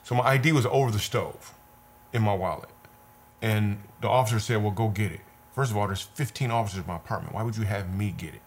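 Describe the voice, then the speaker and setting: A man with a fairly low voice tells a personal story in an interview. He talks in an earnest way, repeats words for weight and retells scenes vividly. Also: quick pace, a little hiss or hum. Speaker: comedian guest. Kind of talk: conversational storytelling.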